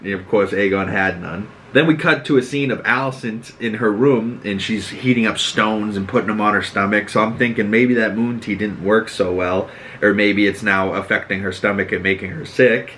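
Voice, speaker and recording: A man's voice: fairly low pitch, moderate pace, a bit bright, slight background noise. A man with a Boston accent hosting a podcast, chatting casually through an episode recap with plenty of swearing. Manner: chatty, profane, acts out quotes. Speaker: podcast host.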